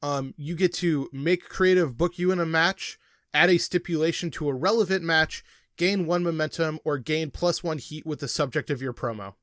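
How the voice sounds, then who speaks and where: A man's voice: a little high, normal speed, a bit bright, no room sound, clean studio sound. A man narrating as game master of a tabletop wrestling game, hesitant and full of fillers.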